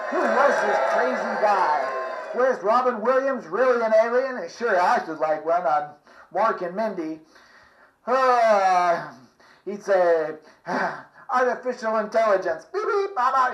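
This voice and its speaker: A man's voice: high voice, slow. A male host who rambles casually and chuckles at his own stories, on an echoey lo-fi recording. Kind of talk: casual show talk with impressions.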